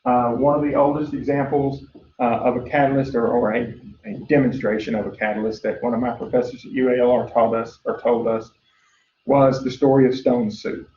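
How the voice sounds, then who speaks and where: This biology lecturer speaks briskly in a warm, medium-pitched voice with fairly even intonation, recorded from far away. His talk is conversational and heavy on "uh" fillers, drifting into stories where he performs voices. The echoey, lo-fi recording carries a faint hiss.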